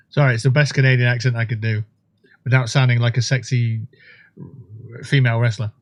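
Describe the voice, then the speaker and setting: A man hosting a game livestream, riffing in a profane, jokey way. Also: mid-range voice. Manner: profane, jokey, bursts into excited whoops. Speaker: livestream gamer host. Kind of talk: casual gameplay commentary.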